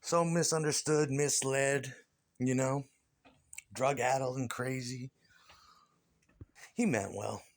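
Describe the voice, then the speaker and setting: A man's voice: mid-range voice, fairly even intonation, slow pace, long pauses. A man talking casually in an interview, ranting and scornful, with lots of swearing.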